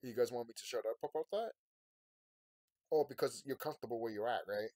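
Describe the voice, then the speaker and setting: A tired man rambles to his viewers in the small hours, sleepy and yawning. He drifts between low, weary musing and sudden loud ranting. His voice sits at a middling pitch, and the recording is close and dry, with no room sound. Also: fairly quick, no room sound. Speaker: vlogger. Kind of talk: late-night emotional monologue to viewers.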